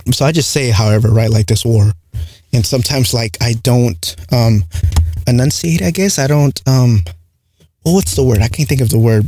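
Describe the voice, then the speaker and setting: A man with a light accent talks through a casual solo podcast, his voice mellow and dark. He rambles and leans on fillers, recorded close and dry in a small home room with no echo. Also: medium pitch. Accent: light non-native English accent. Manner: rambling, frequent "like" and "right?" fillers. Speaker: podcast host. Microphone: close studio mic with compressor.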